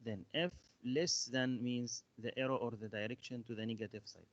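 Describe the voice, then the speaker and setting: A man leads a math revision lesson for his students, speaking slowly and patiently with frequent hesitations. His voice sits at an ordinary pitch. The audio is dull and lo-fi, like an online class. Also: fairly even intonation, no room sound. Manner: slow, patient, instructing with fillers. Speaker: math teacher.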